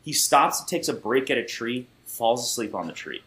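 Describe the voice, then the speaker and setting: A man's voice: mid-range voice, normal speed. A young man, a podcast guest, telling a long anecdote and acting out the people in it. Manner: lively, acts out quoted voices. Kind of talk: storytelling anecdote. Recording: roomy echo.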